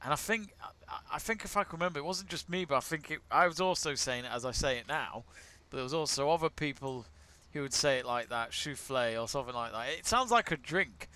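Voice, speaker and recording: A man's voice: medium pitch, brisk, few pauses, bright, forceful tone. A British man co-hosting a casual sports watch-along stream, chatty, laughing easily and reading viewer comments aloud. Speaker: live stream co-host.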